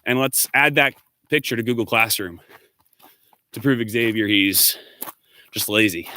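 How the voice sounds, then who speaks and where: A man's voice: lowish voice, unhurried, bright, forceful tone, a little hiss or hum. A male teacher talking casually to his students, rambling as he answers their comments one by one.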